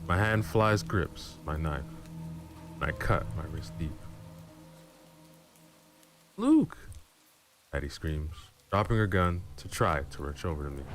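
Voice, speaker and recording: A man reading a dramatic story aloud in a low, slow, intimate manner. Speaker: storyteller streamer. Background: background music and rain.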